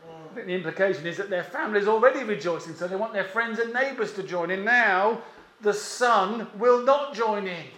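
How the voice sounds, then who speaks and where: A man preaching a sermon, emphatic and pausing often, with rhetorical questions. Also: high-pitched, fairly bright tone. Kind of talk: expository sermon. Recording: echoey room.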